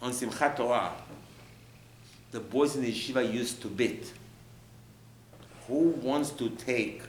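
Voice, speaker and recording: A man giving a sermon as a rabbi, animated, often jumping up in pitch to mock people. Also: slow, long pauses. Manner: animated, acts out mocking voices, jumps high in pitch. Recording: echoey room with faint ambient noise.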